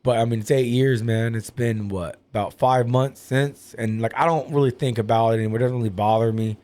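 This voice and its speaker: A man's voice: medium pitch, steady tone, fairly quick, a little mellow. A man talking openly as a podcast guest, rambling and full of fillers. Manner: rambling, filler-heavy, candid. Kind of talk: casual personal talk.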